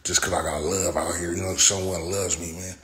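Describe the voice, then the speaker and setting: Streaming live, this man spins casual, profane tales packed with slang and frequent laughter. His voice is low-pitched and fairly bright, with a level tone and a fairly quick pace. Faint noise and a roomy echo color the audio.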